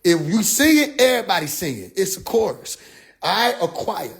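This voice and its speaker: A man telling a story in a comedic rant, animated, profane and full of slang. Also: high voice, normal speed, creaky. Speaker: vlogger.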